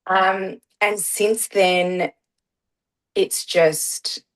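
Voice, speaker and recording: A woman's voice: mid-range voice, steady tone, extremely slow, rough recording. A middle-aged woman, telling her story as a guest in a casual interview, with many "um" fillers. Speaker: guest, parent.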